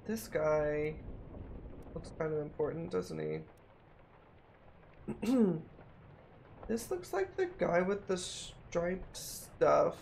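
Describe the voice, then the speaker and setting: Gravelly streamer musing over a puzzle. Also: mid-range voice, big pitch swings, extremely slow, pauses often, darkish tone, a little hiss or hum. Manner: musing, repeats itself while puzzling things out. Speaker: streamer playing a mystery game. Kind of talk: casual think-aloud gameplay commentary.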